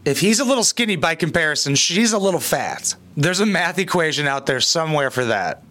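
A man's voice: fairly high pitch, lively intonation, a little fast, pushed and bright. A man hosting a reaction video, mocking and sarcastic, with crude comedic commentary.

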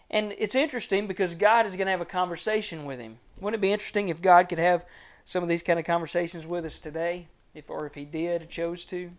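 A man preaching a sermon, reading and explaining scripture in a measured, earnest way that sinks to soft low tones on grave points.

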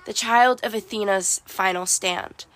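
A woman reading a determined teenage girl reciting a prophecy in a storybook, earnest and slightly halting. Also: mid-range voice, steady tone, a bit bright, no echo, natural voice. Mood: solemn.

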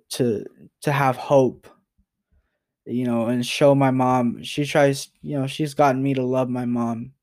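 Flat-voiced young man, rambling and emotional. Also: medium pitch, vocal fry. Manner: rambling, halting, repeats himself and apologizes. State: emotional, near tears. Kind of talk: emotional personal vlog message.

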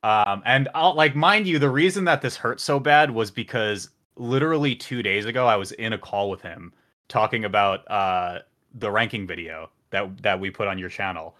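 A man appearing as a podcast guest, telling an anecdote in a jokey, animated way. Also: fairly low pitch, moderate pace. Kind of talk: casual storytelling.

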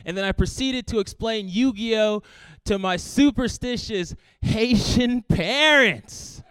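A man with a high, smooth voice tells a comic story on stage, animated and acting out every quoted line with sudden jumps in pitch and loudness. The sound is dry and close, with little room in it. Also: takes it slowly, dry recording. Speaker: stand-up comedian. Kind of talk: stand-up storytelling.

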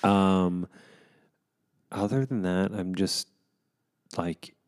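A man in his thirties co-hosting a podcast, speaking in a relaxed, easygoing, earnest way. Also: deep voice, drawn-out words, clear, resonant tone. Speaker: podcast co-host. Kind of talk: casual chat.

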